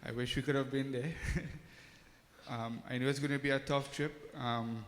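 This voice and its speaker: A man with a medium-pitched, steady voice speaks at a moderate pace as a pandit giving an informal talk to a temple congregation. He comes across as friendly but hesitant, with many ums, and the temple hall adds noticeable reverb.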